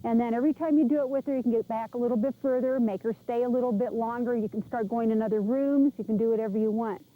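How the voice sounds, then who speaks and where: A woman's voice: a little high, fairly even intonation, quick pace, hardly any pauses, phone-quality sound. A woman animal trainer giving chatty, direct instructions to pet owners in a yard, recorded for an old VHS training tape.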